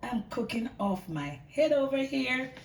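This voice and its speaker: A woman hosting a casual cooking vlog, chatty and excitable, talking to her viewers as she cooks in her home kitchen. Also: high-pitched, unhurried, gravelly. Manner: chatty and excitable, often calling viewers "guys". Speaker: cooking channel host. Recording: voice far from the mic over loud boiling pot noise.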